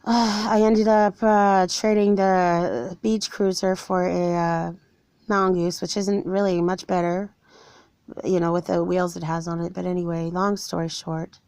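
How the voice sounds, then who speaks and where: A woman's voice: lowish voice, level tone, unhurried, darkish tone, no room sound. A forty-year-old woman earnestly telling viewers a personal story of being wronged, with an aggrieved tone. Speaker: vlogger telling her own story. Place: somewhere cold.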